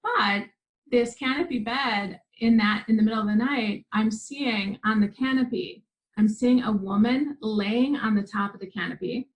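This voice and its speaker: A spiritual teacher, appearing as an interview guest, tells a personal story in an earnest, vivid way, often restarting as she goes. Her voice is fairly high and she talks at normal speed, though the recording is rough.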